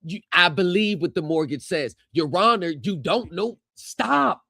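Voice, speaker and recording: A man live-streaming reactions to court footage, talking straight to his viewers and shouting at the screen. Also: fairly high pitch, expressive, moderate pace, no room sound. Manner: heated, yells at the screen; addresses viewers directly.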